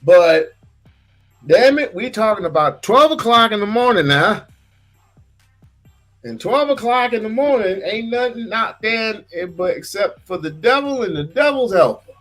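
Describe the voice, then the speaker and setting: A man's voice: sits high, sing-song, a little slow, fairly bright tone, faint music behind. A man hosting a casual livestream, talking in bursts with stammered restarts and repeated words. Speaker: livestream host.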